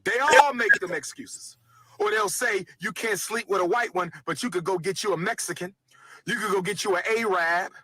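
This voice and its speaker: A man's voice: high voice, normal speed, sharp tone. A man giving a fiery, defiant speech as a lecturing scholar, preaching hard.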